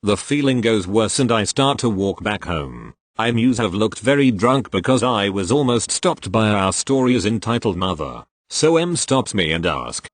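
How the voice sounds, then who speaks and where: A man's voice: lowish voice, big pitch swings, moderate pace, hardly any pauses, no echo. A man reading posts aloud one after another, going straight through each story. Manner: reads each post straight through, closing with "thank you, next". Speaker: reader of online posts.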